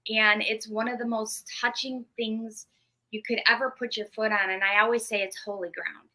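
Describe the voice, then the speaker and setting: A woman guest, a death doula, explaining her work in an earnest, gentle way. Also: a little high, fairly even intonation, moderate pace, poor audio. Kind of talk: interview talk.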